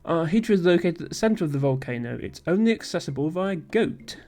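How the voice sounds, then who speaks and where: A man's voice: fairly high pitch, animated, brisk, warm tone, faint music behind, natural voice. A man reading a polite hotel host. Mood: courteous. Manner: reads the lines plainly, no accent.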